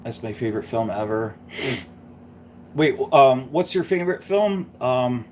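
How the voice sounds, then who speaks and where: A man's voice: medium pitch, animated, slow pace, a little hiss or hum. A man hosting a live stream, chatting casually and rambling through a story. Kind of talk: casual chat.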